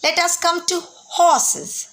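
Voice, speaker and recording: A woman's voice: very high-pitched, flat delivery, slow, heavy background noise. A woman teaching young children, speaking in a sing-song way and imitating animal sounds.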